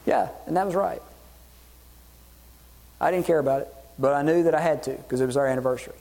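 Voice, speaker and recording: A man preaching a sermon, animated and acting out voices in the dialogue he quotes. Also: mid-range voice, quick pace, pauses often, in a large hall. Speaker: pastor.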